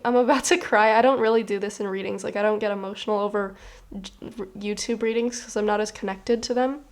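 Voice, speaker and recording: Earnest higher-voiced woman tarot reader. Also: a little mellow. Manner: earnest, rambling, many "like" fillers. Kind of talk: casual spoken tarot reading to camera.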